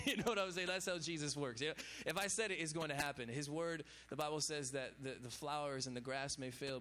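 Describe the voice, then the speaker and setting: A man's voice: fairly high pitch, fairly quick, hardly any pauses, fairly bright tone, a little hiss or hum. A man preaching an informal sermon to young adults, chatty, with lots of casual fillers. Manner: casual, chatty, lots of fillers like "you know what I'm saying". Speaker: pastor.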